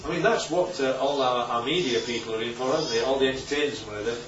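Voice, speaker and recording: Talking fast at a medium pitch, this male preacher gives an informal Bible talk, keeping it conversational and often checking on his listeners. It's a roomy, distant, dull recording with a noisy background.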